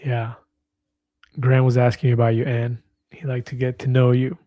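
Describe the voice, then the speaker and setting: 50s guy chatting on his livestream, easygoing, reads out comments, warm low-key tone. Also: monotone, normal speed, long pauses, no room sound. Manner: chatty, reads viewer comments aloud, laughs easily. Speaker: livestream host. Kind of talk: casual livestream chat.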